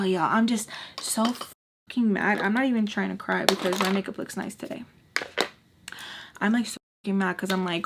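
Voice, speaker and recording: A young woman chatting casually through a storytime while doing her makeup, animated and swearing, with sudden high-pitched exclamations. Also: brisk, a little hiss or hum. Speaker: vlogger.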